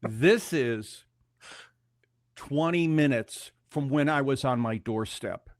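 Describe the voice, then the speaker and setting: An older male musician telling an animated story in a radio interview and acting out the dialogue. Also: medium pitch, unhurried, dry recording, clean studio sound. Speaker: musician guest.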